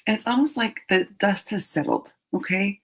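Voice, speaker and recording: A woman hosting a live angel card reading, chatty and gently reassuring, sometimes dropping into soft asides. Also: mid-range voice, animated, moderate pace, low-quality recording.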